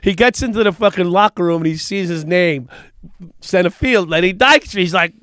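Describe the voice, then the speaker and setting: A middle-aged man hosting a casual talk show, telling profane, animated stories and acting out the quotes. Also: sits high, brisk, no echo, clean studio sound. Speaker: podcast host. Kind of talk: casual storytelling chat.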